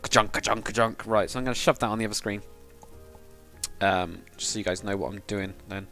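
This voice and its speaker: A man's voice: lowish voice, fairly quick, a bit bright, faint music behind. A British man from the UK chatting casually with viewers while he builds in a game, rambling and swearing now and then. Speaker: livestreamer. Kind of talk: casual live-stream chat while building.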